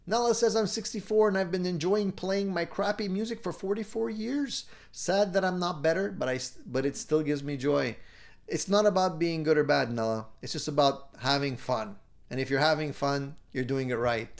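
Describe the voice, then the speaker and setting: An upbeat middle-aged man hosts a casual live stream, reading out viewer comments and cheering the viewers on. His voice sits a little high for a man, and he chuckles easily between remarks. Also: normal speed, gravelly. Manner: upbeat, encouraging, chuckles often. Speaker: live show host.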